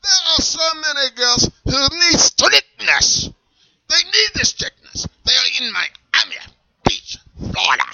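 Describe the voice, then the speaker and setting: A man voicing a strict, shouty German leather and whip seller with an eye patch, in a put-on German accent and a theatrical, menacing manner. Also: very high voice, sing-song, slow pace, vocal fry, no room sound, dull audio, pitched above the performer's own voice, full character voice. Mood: barking, strict. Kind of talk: comedy sketch character.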